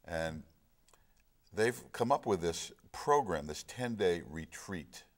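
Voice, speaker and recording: Middle-aged man, very deep voice, earnest storyteller in casual talk. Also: animated, slow pace. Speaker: film discussion guest. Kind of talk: casual chat.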